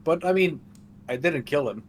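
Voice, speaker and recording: A man speaking casually as a player in a tabletop role-playing game, deadpan and nonchalant. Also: fairly high pitch, moderate pace, slight background noise. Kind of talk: casual in-character chat.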